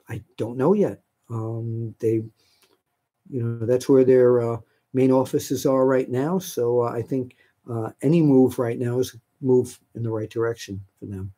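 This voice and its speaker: The host, an older man from New York, chats his way through viewer questions on a live stream, rambling and using many fillers. His voice is mellow and mid-range.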